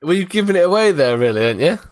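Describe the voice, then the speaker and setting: A man's voice: high-pitched, very animated, rapid-fire. A man co-hosting a casual live stream chat, joking along with his friends. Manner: joking, chatty. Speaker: co-host.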